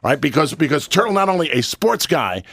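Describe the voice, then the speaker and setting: A man hosting a radio show, talking in an excitable way that repeats words. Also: a little high, fairly quick, creaky, husky, dry recording. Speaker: radio morning show host.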